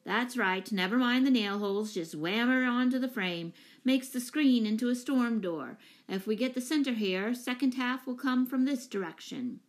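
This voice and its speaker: Woman reader doing a gruff, cheerful older professor; clipped, bossy, slow and raised. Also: fairly high pitch, pitched above the performer's own voice, natural voice. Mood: brisk. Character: hearty older male professor, hurricane-savvy and jolly.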